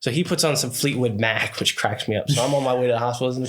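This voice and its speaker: Guy on a podcast telling a story, animated, acts out everyone, swears a lot. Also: mid-range voice, fairly quick, hardly any pauses, background noise. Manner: animated storytelling, acting out what others said, frequent swearing. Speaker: podcast co-host. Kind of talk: casual podcast chat.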